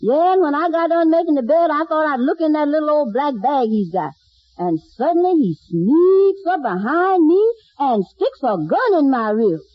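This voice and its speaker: An actress playing a devoted, easily flustered maid in a 1940s radio sitcom, who keeps calling everyone honey, on a dull old broadcast recording. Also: female voice, high voice, moderate pace, dry recording. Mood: fussing. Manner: calls everyone honey, excitable.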